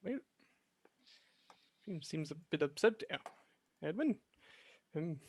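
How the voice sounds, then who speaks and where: A man's voice: on the high side, expressive, slow, pauses often, slightly rough, no room sound. A man playing a tabletop role-playing game, talking hesitantly and stopping often to think. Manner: hesitant, with fillers. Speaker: player.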